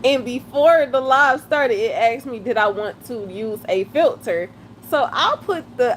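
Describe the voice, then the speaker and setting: A woman's voice: a little high, expressive, noisy background. A woman, chatting casually and laughing often during a live stream. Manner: laughing, chatty, drawn-out exclamations.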